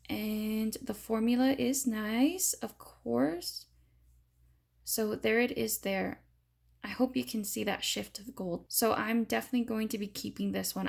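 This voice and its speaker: A woman's voice: fairly high pitch, vocal fry. A woman giving a chatty, enthusiastic beauty product review in a casual vlog. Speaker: beauty vlogger.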